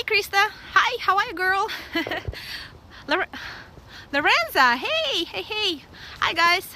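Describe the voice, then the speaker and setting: Russian-accented woman in her 30s, high and bright, outdoor phone vlog, faint background noise. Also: rough recording. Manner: blunt, excitable, laughs often. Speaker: vlogger. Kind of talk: casual live vlog. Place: outdoors at a dog park.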